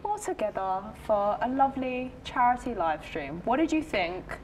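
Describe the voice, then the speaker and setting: A woman hosts a charity live stream, upbeat and curious as she asks her co-host questions. Her voice is fairly high and lively in pitch, with faint noise behind. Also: normal speed. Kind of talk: casual chat.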